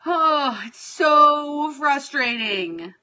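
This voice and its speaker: A woman in her thirties, high-pitched and bright, venting on a phone livestream. She swears freely and swings between loud outbursts and quiet muttering. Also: expressive, extremely slow. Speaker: livestream host. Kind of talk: casual livestream rant.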